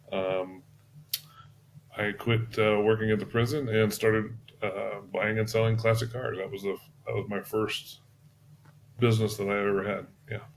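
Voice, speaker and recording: A man being interviewed as an entrepreneur and mentor, telling stories in a relaxed way with restarts and chuckles. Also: lowish voice, slight background noise. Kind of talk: casual interview talk.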